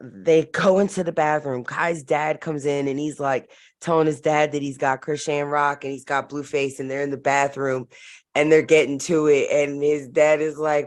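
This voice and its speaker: A woman's voice: a bass voice, fairly even intonation, moderate pace. Chatty slang-heavy woman vlog host. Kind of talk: casual gossip commentary.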